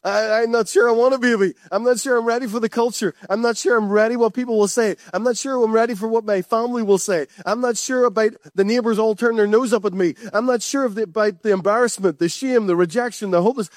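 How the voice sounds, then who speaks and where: A man's voice: high voice, fairly even intonation, quick pace, hardly any pauses, no room sound, studio quality, pitched above the performer's own voice, close to an everyday voice. A man voicing an anxious, hesitant young woman. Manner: fretful, hesitant.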